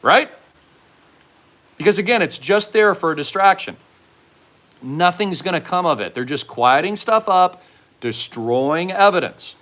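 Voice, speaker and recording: Higher-voiced man, fervent and preachy, pushing hard in a commentary monologue. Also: expressive, a little slow, pauses often, fairly bright tone. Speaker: host.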